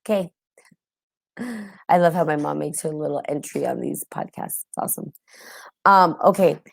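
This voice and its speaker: Deep-voiced and brisk with vocal fry, a woman hosts a casual spiritual podcast with a live audience. She sounds tired and yawns, chatting with plenty of ums and frequent laughs. The studio recording is clean, with no room sound.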